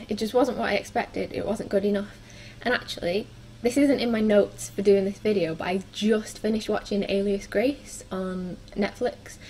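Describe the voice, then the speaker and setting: A woman's voice: medium pitch, darkish tone, a little hiss or hum, low-quality recording. A young woman chatting casually through her book reviews, with frequent ums and likes. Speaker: book vlogger.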